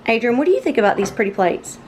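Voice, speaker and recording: A woman's voice: a little high, very fast, slight background noise. A woman chatting casually as she cooks supper in her home kitchen. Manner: chatty, relaxed, says y'all often. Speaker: home cooking vlogger. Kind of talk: casual cooking chat.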